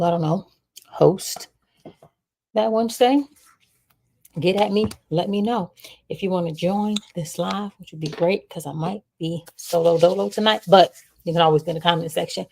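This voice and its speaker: A woman's voice: fairly low pitch, gravelly, mellow, breathy edge. A young woman hosting a livestream, chatting casually with viewers and reading their comments aloud. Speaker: livestream host.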